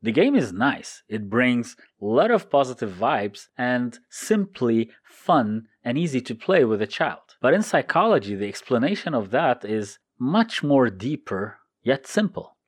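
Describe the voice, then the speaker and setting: Lively, expressive male motivational speaker. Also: mid-range voice, unhurried, hardly any pauses. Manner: animated, explains step by step and repeats key lists. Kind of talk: motivational talk.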